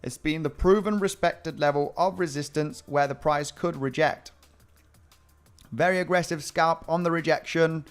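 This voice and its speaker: A man's voice: on the high side, moderate pace, clean tone, faint music behind. Chatty man giving crypto market commentary. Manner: chatty, calls viewers guys, repeats words. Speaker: crypto trading streamer. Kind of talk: casual live-stream market commentary.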